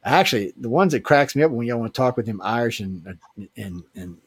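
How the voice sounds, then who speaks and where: A man's voice: medium pitch, expressive, fairly quick, breathy edge, no room sound. A man hosting a casual radio show, joking and rambling with filler restarts. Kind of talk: casual live radio chat.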